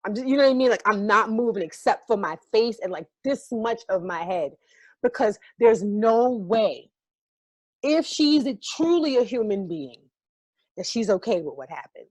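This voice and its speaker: A woman's voice: fairly high pitch, expressive, normal speed, no echo. A woman from New York, a stage actor as a guest, telling a story in a vivid, profane and emotionally open way. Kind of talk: casual storytelling.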